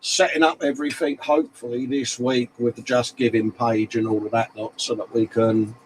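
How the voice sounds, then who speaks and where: A middle-aged man chats casually on a live stream, reading out viewer messages with matey banter. His pitch sits in a middle range. Faint background noise hangs behind him. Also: flat delivery, moderate pace, rough recording. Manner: matey banter, reads viewer comments aloud. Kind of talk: casual chat.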